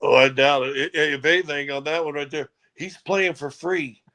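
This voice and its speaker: A man's voice: a little high, moderate pace, sharp tone. Easygoing, rambling man co-host. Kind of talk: casual chat.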